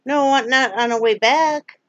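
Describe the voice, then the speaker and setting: A woman's voice: sits high, slow, a bit bright, dull audio. A woman from Wyoming chatting casually in a daily vlog, rambling and folksy. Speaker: vlogger.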